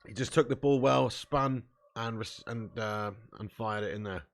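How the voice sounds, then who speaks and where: A man hosting a live football watch-along, commenting on play, cheering loudly and chatting casually with viewers. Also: mid-range voice, moderate pace. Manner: excitable, bursts into loud cheering, swears freely, chats to viewers. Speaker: fan watch-along host.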